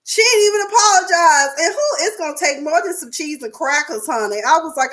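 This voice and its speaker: A woman in her forties chatting casually as she recaps a reality show, sassy and talkative, her pitch jumping between high and low. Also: lively intonation, brisk, hardly any pauses, a bit bright. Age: 40s.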